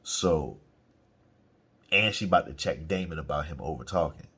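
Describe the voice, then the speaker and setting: A man's voice: a bass voice, normal speed, fairly bright tone, husky. A man giving casual, profane, slang-heavy reaction commentary on a TV episode. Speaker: reaction channel host.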